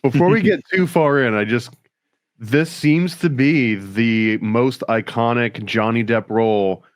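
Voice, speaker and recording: A man's voice: medium pitch, a little slow, dry recording. A man co-hosting a podcast in casual chat, making dry, teasing remarks. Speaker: podcast co-host.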